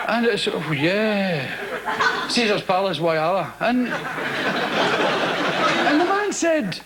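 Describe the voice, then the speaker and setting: A man's voice: high voice, takes it slowly, long pauses, heavy background noise. A Scottish man doing stand-up, telling rambling stories to a live theatre audience. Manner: animated, rambling, mock-indignant. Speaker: stand-up comedian. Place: stage of a large theatre.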